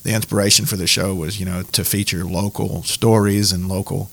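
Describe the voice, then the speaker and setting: A man hosting a faith podcast, encouraging and thoughtful, speaking in loose, casual phrasing with a gravelly, husky voice. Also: low voice, little pitch movement, fairly quick, fairly bright tone. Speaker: podcast host.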